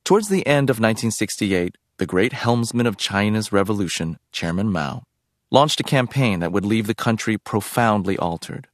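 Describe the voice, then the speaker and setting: A man reading a novel aloud as narrator in a measured, reflective way. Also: lowish voice, expressive, dry recording, studio quality. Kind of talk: scripted audiobook narration.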